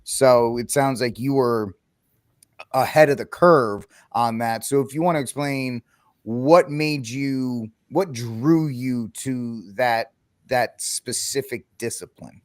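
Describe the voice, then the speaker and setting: Host: man, mid-pitched voice, dry close-miked sound, rambling questions with fillers. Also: takes it slowly, no room sound. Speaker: podcast host. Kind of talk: interview intro and questions.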